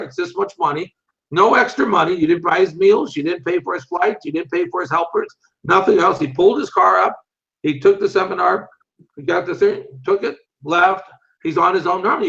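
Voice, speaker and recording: An older man telling lively, animated anecdotes as an interview guest, acting out other people's voices and swearing freely. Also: high-pitched, creaky. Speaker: interview guest, martial arts instructor. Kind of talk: casual storytelling. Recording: muffled lo-fi recording.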